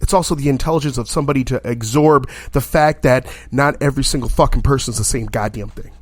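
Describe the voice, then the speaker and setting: A man's voice: medium pitch, fast, dry recording. A man hosting a casual interview, swearing freely and ranting emphatically. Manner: profane, emphatic, animated ranting. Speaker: interview host. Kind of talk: casual conversation.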